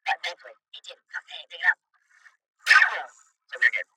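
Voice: medium pitch, normal speed, pushed and bright, husky, no room sound, recorded from a distance. A podcast host talking from a paddle boat on a lake, giggly, goofy and rambling. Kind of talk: casual chat. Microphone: snowball USB microphone.

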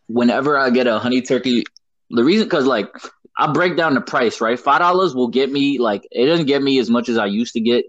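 A young man from Brooklyn, telling animated, slangy stories in casual chat. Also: medium pitch, dry recording, lo-fi sound. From Brooklyn, New York. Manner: animated, laughing, slangy storyteller.

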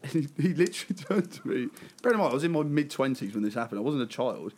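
A man around thirty rattles through a story at a fast clip, swearing freely and breaking into laughs. His pitch sits in an ordinary middle range, and the delivery is loose, chatty and unscripted. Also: slight background noise. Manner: laughing, swearing, lively anecdote telling. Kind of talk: casual storytelling chat.

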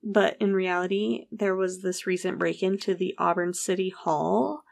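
A woman with a fairly low, creaky voice speaks at normal speed while casually sharing something that really happened. She animates it by acting out each person's words, dropping swear words as she goes.

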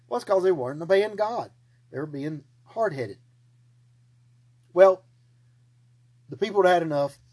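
A man's voice: on the high side, darkish tone, breathy edge. A man teaching a Bible study, telling the story in a folksy, humorous way and acting out the dialogue.

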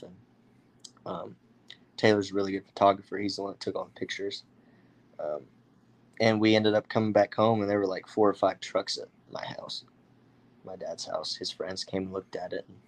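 A young man from the United States telling a story casually, animated, with many fillers and acted-out quotes. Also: fairly low pitch. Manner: animated, acts out others' voices, many fillers. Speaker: guest storyteller.

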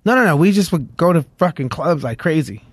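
A man's voice: a little high, animated, fairly quick, no echo. A man from Los Angeles, a musician guest, telling stories in a casual interview, with lots of fillers and restarts. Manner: rambling storytelling with many fillers.

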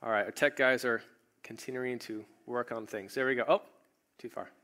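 A man's voice: medium pitch, fairly even intonation, normal speed, a bit bright. A man preaching a sermon, retelling a story and acting out the quoted voices. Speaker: pastor.

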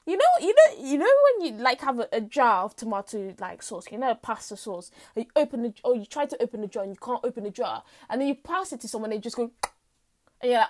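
Young woman, solo podcast host, high lively voice, slangy. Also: fast. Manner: animated, slangy storytelling. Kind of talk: solo casual chat.

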